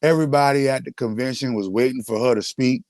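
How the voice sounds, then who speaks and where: A man's voice: medium pitch, fast, a little mellow, dry recording. Guy ranting on his stream, brags and repeats himself, aave, dead dry room. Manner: boastful, repetitive, restarts often. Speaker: host. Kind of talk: livestream rant.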